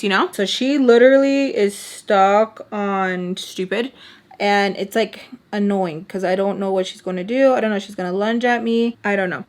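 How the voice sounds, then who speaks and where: A woman's voice: medium pitch, a bit bright. A woman in her twenties telling a story in a casual, chatty way, filling her sentences with "like". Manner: chatty, peppered with "like", acts out quotes. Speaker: storytime vlogger.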